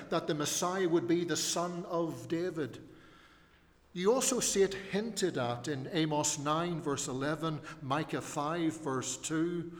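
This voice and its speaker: A man preaching a sermon, earnest and emphatic, rising on his key phrases. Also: fairly high pitch. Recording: long hall reverb.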